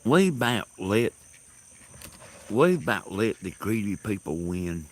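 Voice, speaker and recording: A man telling rambling stories in a casual monologue, halting and laughing loudly at his own tales, recorded outdoors in the countryside. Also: lowish voice, big pitch swings. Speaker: host. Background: crickets and insects.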